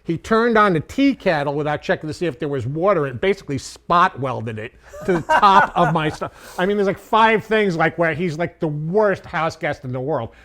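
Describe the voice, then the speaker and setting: Guy on a comedy podcast telling a story, kinda high voice, animated, stammers on restarts. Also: normal speed, hardly any pauses. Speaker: podcast co-host, former journalist.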